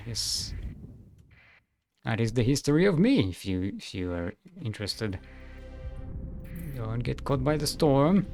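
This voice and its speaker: A man's voice: medium pitch, sing-song, unhurried, creaky, long pauses, a little mellow. Casting: male game streamer, casual commentary, mutters and hums to himself, faint music behind.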